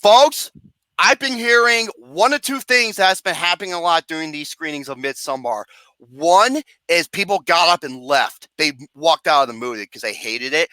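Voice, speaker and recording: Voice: medium pitch, moderate pace, sharp tone, no room sound. A movie reviewer ranting about a film in a comedic, profane way, mocking and sarcastic, swearing constantly and breaking into laughter.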